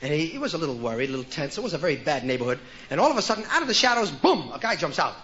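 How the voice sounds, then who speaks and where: Animated man telling jokes. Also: a little high, very fast, highs cut off, a little hiss or hum. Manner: animated storytelling, acts out the characters. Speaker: comedian. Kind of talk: joke telling.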